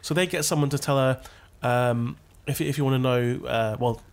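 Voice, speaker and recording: A man's voice: medium pitch, normal speed. A man co-hosting a podcast, casually and animatedly recounting scenes. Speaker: podcast co-host.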